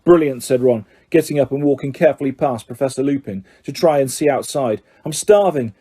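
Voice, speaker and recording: Mellow, husky male audiobook narrator. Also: medium pitch, brisk. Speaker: audiobook reader.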